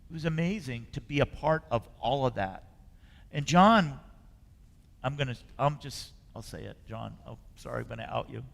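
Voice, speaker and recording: A man preaching a sermon as a spiritual leader. He talks in an earnest, conversational way and often lets phrases trail off softly. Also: medium pitch, moderate pace, vocal fry. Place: church sanctuary. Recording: long reverb of a hall.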